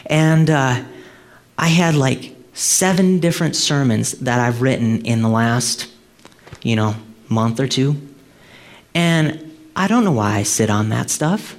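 A man's voice: mid-range voice, slow. A middle-aged male pastor preaching in a conversational way, full of rhetorical questions and "okay?" checks, climbing to emphatic peaks. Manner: frequent restarts and checks like "okay?" and "right?". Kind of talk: sermon.

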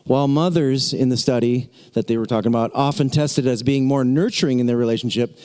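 A middle-aged man preaching with a lively story, acting out voices and shouting encouragement. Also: medium pitch, a little fast, clear, resonant tone. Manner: animated, acts out the people in his story, shouts encouragement. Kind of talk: storytelling sermon.

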